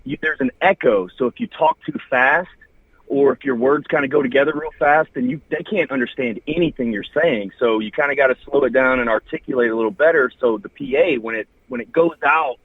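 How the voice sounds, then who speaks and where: A man's voice: mid-range voice, a little fast, dry recording. A man with a Southern US accent, a wrestling TV host, chatting casually and plugging his show with lots of names and details. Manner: promotional, rattles off names and details. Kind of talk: casual podcast chat. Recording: dry, husky, phone-like line.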